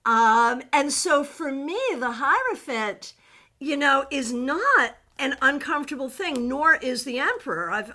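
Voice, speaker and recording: A woman teaching a live online tarot workshop, reading out viewers' comments, animated and laughing often, with many fillers and restarts. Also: on the high side.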